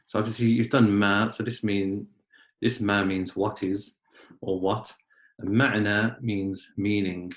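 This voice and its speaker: A man with a fairly low voice leads a small class, patiently walking the students through each word. He clears his throat often between explanations. The sound carries a roomy echo. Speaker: Arabic teacher. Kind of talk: online class lesson.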